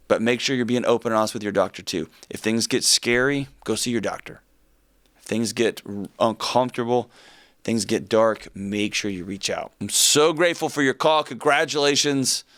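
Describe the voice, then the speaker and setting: A man in his forties hosting a call-in advice show, talking in a warm, reassuring, conversational way. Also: mid-range voice, smooth, no room sound, studio quality.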